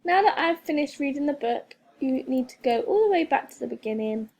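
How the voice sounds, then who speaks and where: A woman reading a children's storybook aloud as a teacher, expressive and playful with sound effects. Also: high voice, a little fast.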